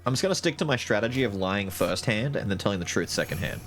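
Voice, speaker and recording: A man streaming a card game live, narrating his strategy, swearing and trash-talking the other players, with bursts of loud excitement. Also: on the low side, quick pace, faint music behind. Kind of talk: live gaming commentary.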